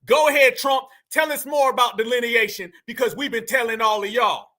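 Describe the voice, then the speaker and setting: An American man hosting reaction commentary, animated and loud, slangy and mocking, often shouting. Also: very high-pitched, fairly quick. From United States. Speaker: commentary channel host.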